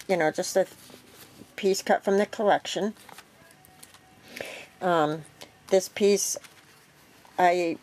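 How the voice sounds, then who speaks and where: A craft vlogger with a slightly low voice gives a relaxed, rambling walkthrough of her homemade project. She fills pauses with ums and corrects herself as she goes, much like a casual show-and-tell at her craft table.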